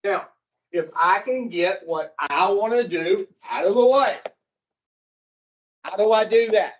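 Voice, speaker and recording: A man, his voice fairly high for a man, speaks to a recovery class at an unhurried pace. He is blunt and profane and keeps firing questions at his listeners. The recording sounds dull and lo-fi. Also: expressive. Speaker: addiction recovery counselor. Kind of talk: classroom talk to a recovery group.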